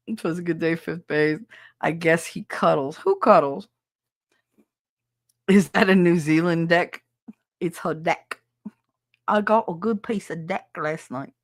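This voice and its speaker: A woman's voice: deep voice, no room sound. A woman streamer chatting casually with her viewers, candid and crude, often breaking into giggles. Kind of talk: casual live-stream chat.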